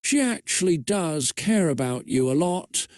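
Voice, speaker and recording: A man's voice: a little high, very animated, unhurried, darkish tone, no room sound, clean studio sound. A man reading out a cruel teenage girl villain who taunts and threatens in a sing-song way. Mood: mocking.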